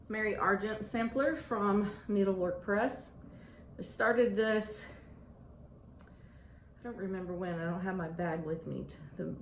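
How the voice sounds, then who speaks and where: Slow, chatty woman in an echoey room. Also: mid-range voice. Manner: chatty, halting, many restarts and ums. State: out of breath. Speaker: stitching vlogger. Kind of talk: casual show-and-tell chat. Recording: echoey room, faint ambient noise.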